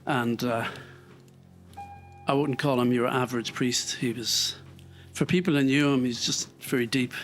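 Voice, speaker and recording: A man's voice: medium pitch, measured pace, faint music behind. An Irish man thinking aloud while walking on a treadmill, reflective and rambling, with lots of fillers. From Ireland. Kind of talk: casual thinking-aloud monologue.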